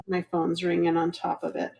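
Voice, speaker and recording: A woman's voice: fairly low pitch, completely flat delivery, moderate pace, creaky, dark tone. A middle-aged woman hosting a casual live jewelry sale, chatty and rambling, laughing at her own fumbles. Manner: chatty, rambling, self-deprecating. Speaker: live jewelry auction host. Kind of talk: casual live selling chat.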